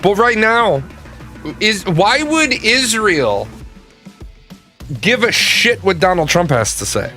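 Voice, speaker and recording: A man's voice: high-pitched, very animated, takes it slowly, long pauses, bright, forceful tone, faint music behind. A man giving a blunt, profane political opinion rant in a casual, emphatic way. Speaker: political commentator.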